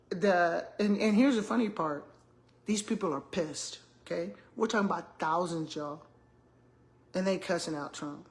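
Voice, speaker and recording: An older woman from the American South talks straight to her viewers in a loose, chatty vlog. Her voice sits a little low, and she tells her stories with frequent laughter. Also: moderate pace. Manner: animated storytelling, laughs often, addresses viewers as y'all. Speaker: retired school principal vlogger. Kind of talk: casual chat to viewers.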